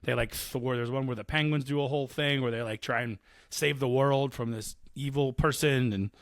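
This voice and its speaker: A man's voice: medium pitch, fairly even intonation, moderate pace, no room sound, clean studio sound. A man in his thirties co-hosting a podcast, talking enthusiastically and rambling, often cutting himself off. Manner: rambling, enthusiastic, self-interrupting. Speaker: podcast co-host. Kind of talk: casual chat.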